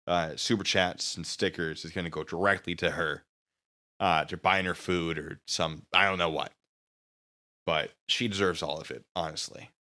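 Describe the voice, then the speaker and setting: A man's voice: deep voice, pushed and bright. A man chatting casually on a live stream, rambling and hesitant, with many fillers.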